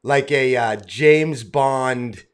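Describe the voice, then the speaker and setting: A man's voice: medium pitch, extremely slow. An American man hosting a casual video-call interview, enthusiastic and friendly, calling his guest brother and man. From United States. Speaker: interview host.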